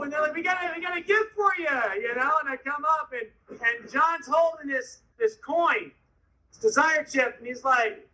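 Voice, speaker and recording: A man's voice: extremely high pitch, animated, normal speed, bright, forceful tone, slight background noise, poor audio. A man telling a humorous personal recovery story at a meeting, acting out what others said to him. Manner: humorous, acts out quoted voices.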